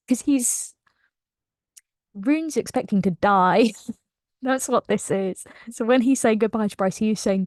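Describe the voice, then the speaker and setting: A woman excitedly recapping a novel in a casual, emotional way, laughing often. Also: a little high, unhurried, long pauses, no room sound, studio quality. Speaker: book channel host.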